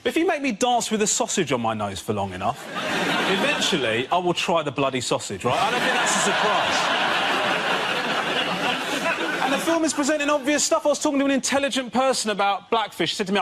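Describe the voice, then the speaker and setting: A man, a bit higher-pitched than most men, doing a stand-up routine on a TV panel show. He rants in a sarcastic, exasperated way. Loud background noise fills the studio recording. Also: very animated, brisk. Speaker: comedian panelist.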